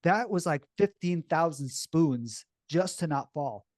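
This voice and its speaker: Animated man telling a story, dry sound. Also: fairly high pitch, slow pace, dry recording. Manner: animated, blunt, swears freely. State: shaky and upset while recalling. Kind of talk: casual personal storytelling.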